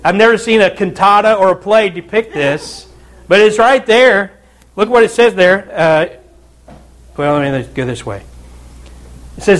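Guy preaching in church, high-ish voice, talks casual, keeps asking amen?. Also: lively intonation, unhurried, long pauses, fairly bright tone. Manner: conversational preaching with frequent asides and rhetorical "Amen?". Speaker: pastor. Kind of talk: sermon. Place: church sanctuary.

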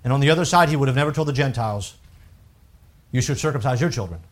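A man preaching a sermon, reading scripture aloud in a rising, emphatic voice and dropping low and quiet to explain his points. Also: fast.

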